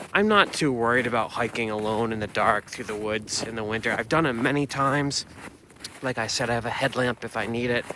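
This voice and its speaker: Man, van-life vlogger, bright tone, casual chatty narration, thinking out loud. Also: medium pitch, slight background noise. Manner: thinks aloud, unsure and chatty. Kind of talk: casual vlog narration to camera.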